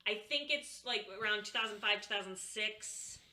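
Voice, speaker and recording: A woman in her thirties co-hosting a casual chat, telling animated stories with swearing and mocking impressions. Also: mid-range voice, normal speed. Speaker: co-host.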